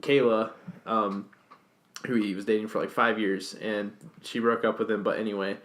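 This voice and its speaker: A man's voice: lowish voice, little pitch movement, moderate pace, a bit bright. A young man casually telling a long story on a podcast, rambling and swearing, with lots of fillers and restarts. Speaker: podcast guest.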